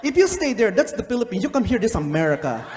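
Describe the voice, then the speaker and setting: A man doing a flamboyant, bossy teacher emceeing a graduation in a live comedy show, his voice pitched high and swooping theatrically between cooing and scolding. He is heard in a reverberant hall, with a loud audience laughing around him. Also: sing-song, fast, background noise. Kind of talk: live stand-up character comedy. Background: crowd laughing and reacting.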